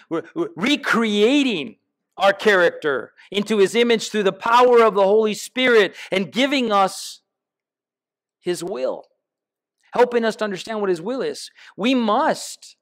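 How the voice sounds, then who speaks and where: High-voiced pastor preaching a sermon. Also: male voice, a bit bright. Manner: asks the congregation questions, builds emphatic lists. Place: church sanctuary.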